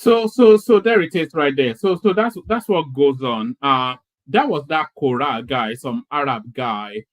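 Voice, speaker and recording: A man's voice: medium pitch, animated, unhurried. A man from Nigeria hosting a live show, commenting on clips he plays and often stammering and repeating words. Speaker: commentator host.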